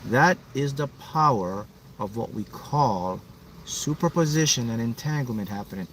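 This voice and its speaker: On a livestream, a man coaching people in manifesting fires up his audience with emphatic, repetitive delivery. His mid-range voice is animated and fairly bright, paced in a measured way, and there's a little hiss or hum.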